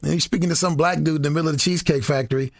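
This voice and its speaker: A man telling stories in a casual podcast chat, animated and swearing freely. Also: on the high side, very fast, gravelly, no room sound, studio quality. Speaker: guest.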